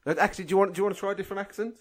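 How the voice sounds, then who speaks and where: A man hosting a comedy podcast who runs a quick game and prompts the others. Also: high-pitched, steady tone. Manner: brisk, playful game-show prompting. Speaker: podcast host running a game. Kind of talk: casual comedy chat.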